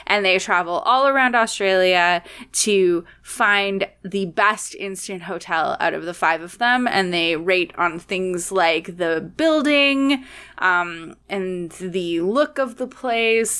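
A woman's voice: mid-range voice, fairly bright tone, clear, resonant tone. A young adult woman co-hosting a podcast in casual, upbeat chat, laughing often. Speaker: podcast co-host.

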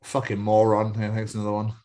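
A man's voice: lowish voice, monotone, fast, dark tone. A man guest on a casual podcast who swears freely and laughs often. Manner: swears freely, laughs a lot, self-deprecating.

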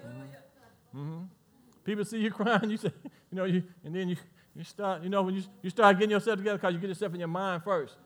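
A man preaching a sermon as pastor, swinging between quiet asides and loud, rising exhortations. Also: high voice, fairly quick. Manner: preaching with swells of volume and playful asides to the congregation.

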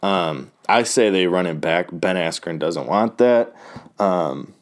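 A man's voice: sits low, lively intonation, takes it slowly. A man giving a loose, rambling and profane recap of fight results, full of fillers and restarts. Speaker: fight fan recapping a card. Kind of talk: casual talk.

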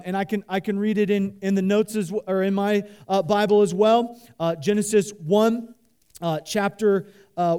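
A man preaching a sermon with a high yet mellow, darkly colored voice. He is animated and leads the congregation in call-and-response, rambling with fillers and restarts as he works through his points. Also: smooth. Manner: talks loosely with many fillers and restarts. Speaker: pastor.

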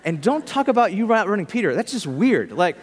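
A man's voice: high-pitched, very animated, fairly quick, in a large hall, slight background noise. A man preaching in a church, casual and conversational, with humorous asides. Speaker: pastor. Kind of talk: sermon.

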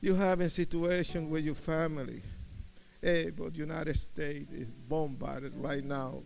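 Gravelly impassioned preacher man. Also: on the high side. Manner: impassioned, swinging from hushed to shouting. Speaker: preacher giving testimony. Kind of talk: sermon testimony.

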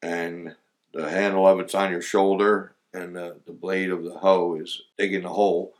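A man's voice: low-pitched, little pitch movement, normal speed. A man casually recounting his days digging clams, rambling with fillers and laughing through his stories. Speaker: former clammer recalling old times. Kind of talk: casual storytelling chat.

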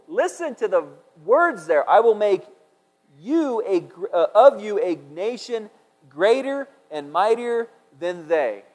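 A man preaching a sermon, reading scripture aloud and acting out the quotes with big swings in volume. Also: on the high side. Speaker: pastor. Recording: long hall reverb.

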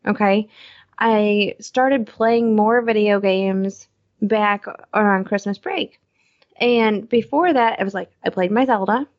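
A woman co-hosting and producing a podcast, chatting in a rambling, excitable way and acting out what people said. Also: medium pitch, takes it slowly, highs cut off. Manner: rambling, excitable storyteller who acts out quotes. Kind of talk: casual chat.

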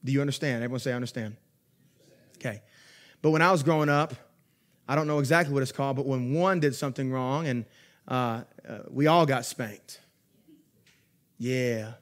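A young man preaching a sermon as pastor. He talks in a lively, conversational way, swinging between loud emphatic peaks and quiet asides, and laughs through his stories. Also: mid-range voice, moderate pace, long pauses. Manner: laughs while telling stories.

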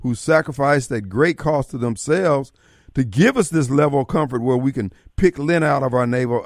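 A man hosting political talk radio, animated and preachy, swinging from loud outbursts to mutters. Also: mid-range voice, moderate pace, no echo, studio quality.

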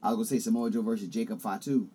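A man's voice: on the low side, fairly even intonation, very fast, dark tone. Man, casual chat, laid-back, swearing, repeats himself, faint background hiss.

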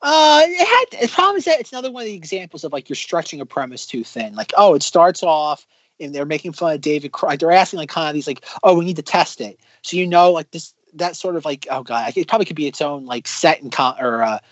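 A man co-hosting a casual podcast, rambling with many fillers and breaking into animated impressions as he critiques sketches. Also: fairly high pitch, fast, no echo, lo-fi sound. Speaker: podcast co-host.

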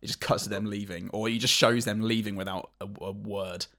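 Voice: low-pitched, fairly even intonation, brisk, fairly bright tone. A podcast co-host in casual film chat, rambling and correcting themself. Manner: rambling, self-correcting, laughs often.

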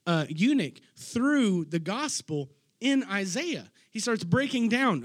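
A man's voice: sits high, very animated, takes it slowly. A man preaching casually, retelling Bible stories with enthusiasm, slang and frequent restarts. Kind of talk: casual storytelling sermon.

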